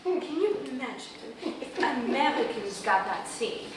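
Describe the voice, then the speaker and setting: An actress playing a witty, self-mocking glamorous film star in a staged theatrical monologue, laughing often. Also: female voice, sits high, very animated, very echoey, distant mic, a little hiss or hum, poor audio. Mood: wry. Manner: wry, playful, laughing often, drawn-out delivery.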